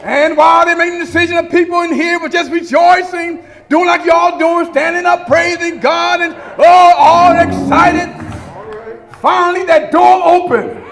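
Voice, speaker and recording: A middle-aged man, a pastor, delivering a eulogy sermon that builds to shouted, chanted crescendos with a singing preacher's cadence. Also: very high voice, little pitch movement, measured pace, vocal fry. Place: large church sanctuary before a congregation. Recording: long church reverb with organ and congregation.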